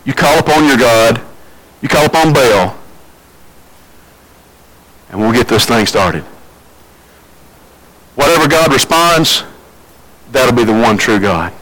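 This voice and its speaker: A man's voice: mid-range voice, lively intonation, takes it slowly, long pauses, fairly bright tone, voice pushed down, rough recording. A man voicing the prophet Elijah in a sermon retelling, speaking in a plain, preacherly way. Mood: proposing. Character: the prophet Elijah, pleading then mocking.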